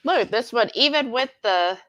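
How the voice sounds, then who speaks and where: Woman, casual live-stream chat, bright tone, higher voice, reads comments aloud. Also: lively intonation, moderate pace. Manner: chatty, reads out comments with a laugh. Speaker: live-stream co-host reading viewer comments.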